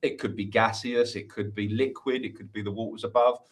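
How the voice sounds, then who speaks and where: A man's voice: lowish voice, fairly even intonation, a little fast. A man who is a musician, a guest on a podcast, explaining his views at length in a casual, earnest, rambling way with many restarts. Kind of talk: casual interview chat.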